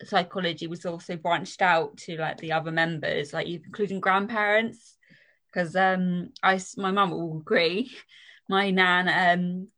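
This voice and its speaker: A young woman recounting her own experience, filling pauses with "um" and "like". Her voice sits a little low for a woman. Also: fairly even intonation, a bit bright. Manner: hesitant, many fillers and "like". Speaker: patient guest. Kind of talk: personal account.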